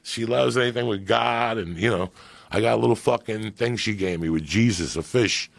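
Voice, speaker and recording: A man with a deep gravelly rasp tells a story full of swearing, slipping into the voices of movie characters. His voice sits low with a husky edge. The sound is dry and close. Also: normal speed, no echo. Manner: animated, swearing, acts out movie quotes. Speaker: podcast guest. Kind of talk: profane storytelling.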